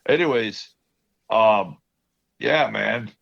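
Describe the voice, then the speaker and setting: A man's voice: lowish voice, very slow, gravelly, fairly bright tone. A man telling rambling stories in casual podcast chat, laughing often. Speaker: podcast co-host. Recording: dull lo-fi sound.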